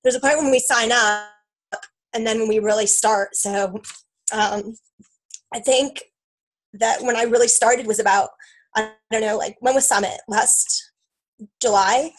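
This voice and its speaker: A woman with a fairly high voice shares her own story in a loose, chatty way, thick with fillers and quoted self-talk. She sounds tearful as she speaks. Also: steady tone, unhurried, long pauses, low-quality recording. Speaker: team member sharing her story. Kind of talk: emotional casual testimony.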